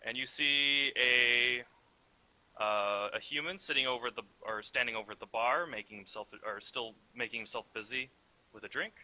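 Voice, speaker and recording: A young man narrates a tabletop role-playing session as game master. His voice is very bright, and he hesitates often, filling pauses as he describes scenes and explains rolls. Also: medium pitch, low-quality recording. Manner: hesitant, filler-heavy narration.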